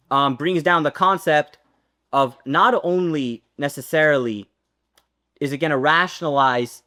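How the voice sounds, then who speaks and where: A man teaching a Torah class, telling a story with lively acted-out dialogue. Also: a little high. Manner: animated storyteller, acts out dialogue.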